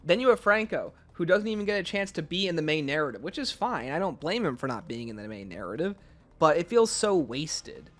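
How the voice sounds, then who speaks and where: A man's voice: fairly high pitch, very animated, a little fast, fairly bright tone. A man giving an unscripted video game review in a casual, rambling way, often restarting his sentences.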